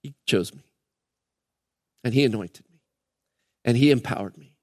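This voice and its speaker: A man's voice: mid-range voice, moderate pace, darkish tone. A man preaching a Sunday sermon as pastor, earnest and emphatic, hammering key words in threes. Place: church sanctuary during a service. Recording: long reverb of a church hall.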